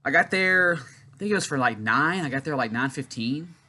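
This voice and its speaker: A man's voice: fairly high pitch, animated, normal speed, pushed and bright. A young man from Louisiana hosting a casual wrestling watch-along, rambling and chatty as he tells a story between comments on the match. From Louisiana, USA. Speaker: YouTube wrestling channel host.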